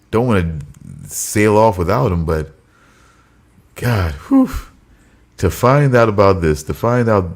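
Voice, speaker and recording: A man co-hosting a casual podcast chat, laughing a lot and mock-scolding a friend with teasing banter. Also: fairly low pitch. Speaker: podcast co-host.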